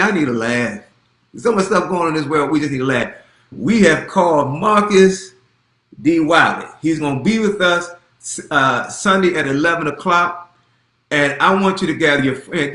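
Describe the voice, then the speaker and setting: Animated pastor man in his fifties. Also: on the high side, reverberant. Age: 50s. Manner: animated, repeats himself, folksy. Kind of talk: casual church announcement.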